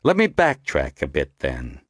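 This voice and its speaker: A man voicing an irritable, gruff male police lieutenant who talks bluntly and impatiently. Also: a bass voice, wildly swooping pitch, measured pace, dry recording, clean studio sound, full character voice. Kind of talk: audiobook character voice.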